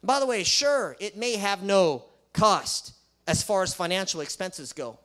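A man's voice: high-pitched, sing-song, a little slow, fairly bright tone. A man who is a Christian school principal, preaching an emphatic sermon full of rhetorical questions and sarcastic asides.

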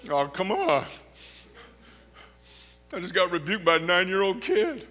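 Older guy preaching, high bright voice, joking and hollering, big echoey church. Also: a little slow. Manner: animated preaching with joking asides and sudden loud outbursts. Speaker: pastor. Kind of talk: sermon. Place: church sanctuary. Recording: long hall reverb.

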